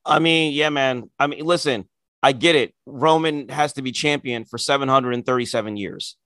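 A man's voice: mid-range voice, normal speed, dry recording. Opinionated man, dry sound. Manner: opinionated, sarcastic, animated. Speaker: podcast co-host. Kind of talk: casual wrestling chat.

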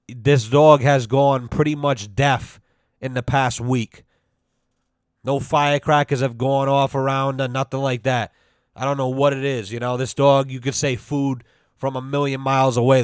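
A man's voice: medium pitch, clear, resonant tone, dry recording, clean studio sound. A man hosting a podcast on a headset at home, telling stories in a casual, rambling way and swearing a lot. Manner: profane, rambling, lots of "you know". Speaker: podcast host. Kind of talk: casual storytelling monologue. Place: at home with his dog. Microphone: headset mic.

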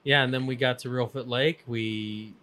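A man's voice: medium pitch, steady tone, normal speed, bright, forceful tone. A young man on a podcast, adding details and agreeing as a friend tells a road trip story. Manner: laid-back, chimes in with agreement and details. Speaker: podcast co-host. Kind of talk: casual chat.

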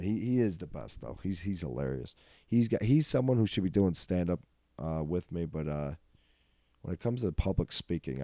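A man's voice: low-pitched, mellow, dry recording. A young man hosting a comedy podcast, telling rambling, profane stories and laughing often. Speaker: podcast host. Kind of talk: casual comedic storytelling.

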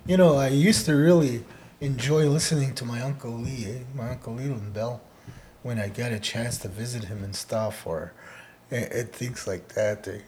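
A man co-hosting a casual podcast, talking in a relaxed way and often ending his sentences with "eh?", growing loud and laughing when he tells stories. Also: mid-range voice, normal speed, slight background noise. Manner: laid-back, ends phrases with "eh?", turns loud and laughing when telling stories. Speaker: podcast co-host teaching Odawa. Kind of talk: casual conversational chat.

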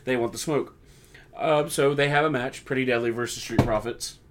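A man's voice: mid-range voice, moderate pace, noisy background. A young man hosting a casual podcast, chatting through a wrestling recap and acting out lines he quotes. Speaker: podcast host.

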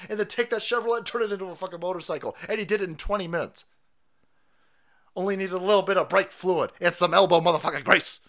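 A man's voice: high-pitched, a bit bright. Foul-mouthed man ranting. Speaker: streamer. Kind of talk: profane conspiracy rant.

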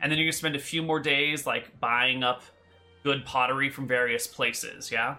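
A man's voice: mid-range voice, fairly even intonation, moderate pace, sharp tone, faint music behind. A man narrating a tabletop game as game master in a casual, rambling way with many fillers.

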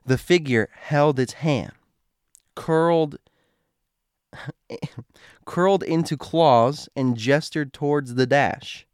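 A man's voice: on the high side, slow pace, pauses often, clean tone, dry recording, clean studio sound. A man hosting a show, reading a creepy true story aloud, stumbling over words and adding his own asides. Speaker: host reading a story post.

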